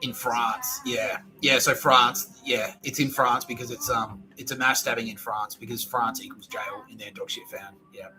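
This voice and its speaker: A man's voice: mid-range voice, steady tone, moderate pace, few pauses, pushed and bright, soft background music, rough recording. A man podcasting alone in a rambling, profane monologue that often restarts its sentences.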